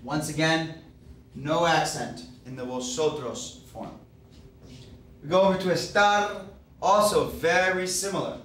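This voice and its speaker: A man teaching a grammar lesson in a patient, explanatory way, often pausing on "uh" and "okay". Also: fairly high pitch, a bit bright. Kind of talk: classroom grammar lecture. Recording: roomy, distant mic, faint background hiss.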